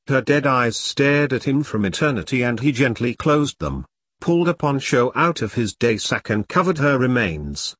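Brief: husky male narrator, expressive lively pitch, dry close sound. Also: normal speed, no room sound. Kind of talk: audiobook narration.

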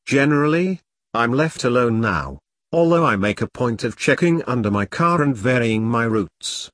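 A man's voice: mid-range voice, expressive, moderate pace, a bit bright, dry recording, clean studio sound, close to an everyday voice. A man voicing a fierce, foul-mouthed woman in an audiobook, speaking bluntly and defiantly. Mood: matter-of-fact. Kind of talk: audiobook character reading.

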